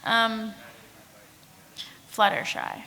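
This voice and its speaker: A woman's voice: a little high, level tone, extremely slow, creaky, noisy background. A woman author answering questions at a casual convention panel, giggly and full of fillers. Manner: giggly, uses lots of fillers. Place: large convention hall. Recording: echoey convention hall.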